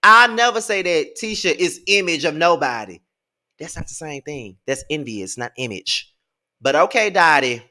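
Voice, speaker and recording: A man in his thirties with a Mississippi Southern accent, recapping a reality show in a sassy, profane, animated way. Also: fairly high pitch, normal speed. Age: 30s. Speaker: TV show reviewer. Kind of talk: casual recap commentary.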